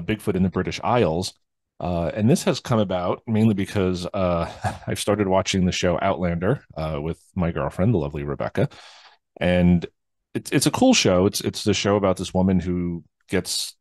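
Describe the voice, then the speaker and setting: A man hosts a podcast in a low, darkish voice, talking casually and rambling with plenty of fillers and restarts. The recording is dry and studio quality.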